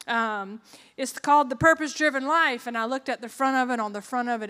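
A woman's voice: a little high, a little fast, bright, forceful tone, clear, resonant tone. Earnest woman telling her testimony. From Georgia, USA. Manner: earnest, heartfelt storytelling. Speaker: speaker giving a faith testimony. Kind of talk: personal testimony talk. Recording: reverberant hall.

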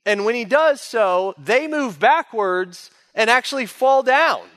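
Slow, high-voiced male pastor preaching. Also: expressive, a bit bright. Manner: earnest, emphatic preaching. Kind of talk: sermon. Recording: long reverb of a large hall.

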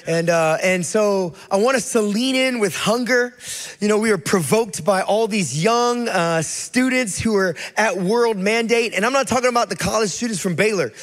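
A high-pitched man in his thirties preaches in a casual, storytelling way, acting out the people he quotes. His voice carries a long reverb from the church hall around him. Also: normal speed, fairly bright tone. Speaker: guest preacher. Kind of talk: sermon.

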